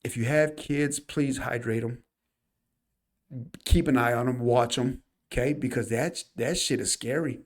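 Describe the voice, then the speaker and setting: A man's voice: mid-range voice, measured pace. A man co-hosting a podcast, telling a personal story in casual chat, earnest and emphatic, often calling the listeners y'all. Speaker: podcast co-host.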